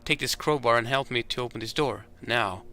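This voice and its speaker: A man's voice: mid-range voice, a little fast, sharp tone. A man reading aloud as a stern veteran factory worker, barking orders. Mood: commanding. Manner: commanding, barks orders. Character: stern older male factory veteran, bossy.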